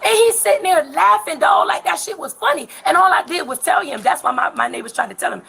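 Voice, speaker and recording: A woman's voice: very high voice, big pitch swings, gravelly, fairly bright tone. A woman telling police an agitated, cursing account of a loose dog, recorded on a bodycam. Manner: heated, cursing, rapid storytelling. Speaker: woman being questioned by police. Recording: bodycam audio.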